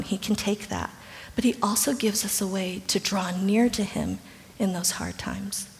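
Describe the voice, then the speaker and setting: A woman giving a personal testimony sermon in an earnest storytelling way. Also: mid-range voice. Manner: earnest storytelling, drops to a hushed whisper at tender moments. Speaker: speaker at a Christian gathering. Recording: long hall reverb.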